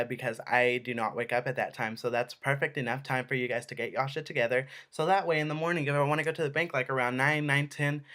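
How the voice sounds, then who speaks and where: A man's voice: medium pitch, sharp tone. A young man ranting in an exasperated vlog, swearing and saying "like" a lot. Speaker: vlogger.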